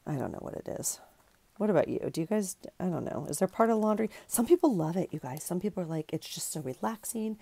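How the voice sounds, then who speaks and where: A woman's voice: low voice, vocal fry, dark tone, dry recording. A middle-aged woman hosting a craft video, chatting in a rambling, giggly way and correcting herself as she works. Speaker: craft channel host. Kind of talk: casual chat while crafting.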